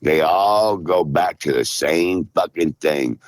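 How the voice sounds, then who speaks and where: A middle-aged man hosting a podcast, griping and rambling in profane, gruff comedic banter. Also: low-pitched, slow, no echo. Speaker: podcast host.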